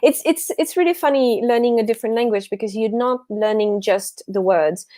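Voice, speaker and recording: French woman in her own voice, a talk-show guest, lively chatty storyteller with a slightly high voice, dry sound. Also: fairly quick, dry recording. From France. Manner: chatty, animated storytelling with frequent restarts. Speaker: guest author. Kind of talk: casual chat on a livestream.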